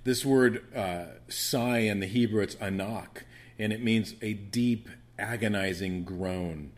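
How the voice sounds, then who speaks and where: A man's voice: lowish voice, slow. A man with a soothing voice teaching a Bible study, rambling with frequent restarts and fillers.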